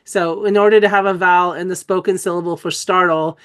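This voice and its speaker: Fairly low in pitch, steady, brisk, and clear, this woman's voice has a resonant tone. She's a dyslexia trainer giving an enthusiastic, conversational webinar despite a cold, coughing and clearing her throat and spelling out letters during her explanations.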